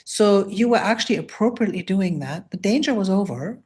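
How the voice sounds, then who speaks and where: A woman teaching mindfulness on a live video call, speaking in a gentle, reassuring way. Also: medium pitch, expressive, fairly quick, husky. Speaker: meditation teacher leading a live session.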